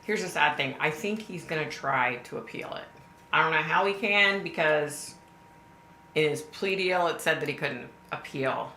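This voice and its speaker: A woman with a low, bright-edged voice hosts a casual live stream and talks straight to her viewers. She sounds chatty and emphatic. The room around her is echoey. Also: moderate pace, a little hiss or hum. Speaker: livestream host.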